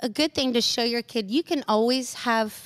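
A woman in her thirties chatting casually, high-energy and profane, laughing often. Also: normal speed. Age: 30s. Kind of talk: casual chat.

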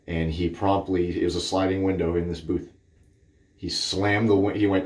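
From his bathroom, a Cape Cod, Massachusetts man who vlogs about shaving chats casually through a blunt, candid, rambling product review. His deep voice is a little mellow, his intonation fairly even, his pace a little fast, and the recording has a roomy echo.

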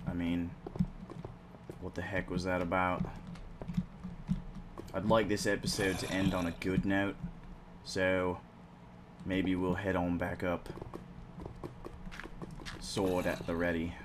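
Low, slow man doing gameplay commentary. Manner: excitable, swears casually, talks to himself. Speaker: let's play host. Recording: clear background noise.

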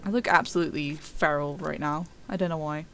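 A woman's voice: deep voice, a little fast, a little hiss or hum. A woman streamer chatting casually over gameplay, giggling often and talking to her chat.

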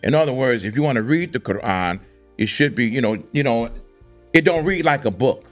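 A man's voice: medium pitch, animated, brisk, faint music behind. A man hosting a casual podcast discussion, talking emphatically and often repeating and restarting his phrases. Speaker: podcast host.

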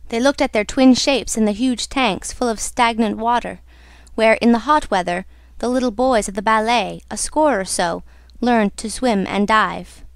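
A woman narrating an audiobook in a measured, unhurried reading. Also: on the high side, no room sound. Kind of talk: scripted narration.

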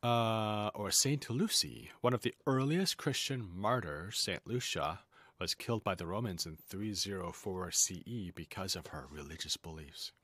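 A man's voice: fairly low pitch, measured pace, a bit bright, husky, dry recording. A man hosting a casual lesson, reading aloud and breaking off into chatty, jokey asides. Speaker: host.

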